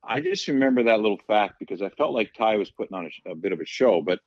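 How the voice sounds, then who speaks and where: Low-voiced man telling animated stories. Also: fast, no room sound, lo-fi sound. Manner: animated storyteller, acts out quotes. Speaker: podcast guest, former hockey player. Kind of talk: casual storytelling.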